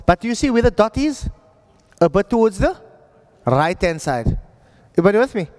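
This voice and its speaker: Teacher, male, patient, keeps checking the class follows; high-pitched, room echo. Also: big pitch swings, normal speed, a little mellow. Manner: patient, checks in with students often. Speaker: Arabic reading teacher. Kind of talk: classroom lesson.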